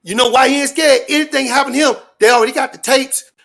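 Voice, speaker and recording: Loud, rambling man ranting in street slang. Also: very high-pitched, fairly even intonation, quick pace, creaky. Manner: loud, rambling, profane street talk with repeated catchphrases. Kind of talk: animated rant to an interviewer.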